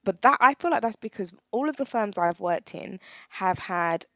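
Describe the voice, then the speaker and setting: A woman's voice: mid-range voice, lively intonation, normal speed, a bit bright, no echo, lo-fi sound. A woman chatting casually as a podcast co-host, blunt and playfully defensive. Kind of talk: casual chat.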